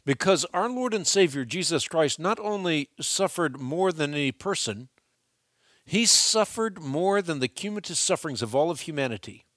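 A man hosting a call-in radio show, teaching in an earnest, measured, devotional way. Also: a little high, animated, fairly bright tone, no echo, clean studio sound.

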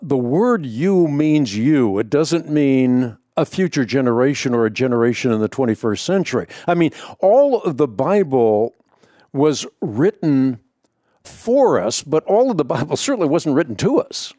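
A man hosting a religious discussion, speaking in a measured way and leaning hard on key words. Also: medium pitch, sing-song, warm tone, no echo, clean studio sound. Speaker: radio show host.

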